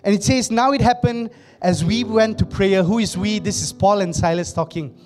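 A man's voice: high voice, moderate pace, over music. A man preaching to his church in a conversational way, often laughing and acting out the people he quotes. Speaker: pastor. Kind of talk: sermon.

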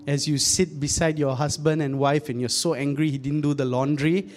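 A man's voice: fairly high pitch, fairly even intonation, normal speed, soft background music. A young man preaching a conversational sermon, often calling out to the congregation and joking in asides. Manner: joking, laughs at his own asides.

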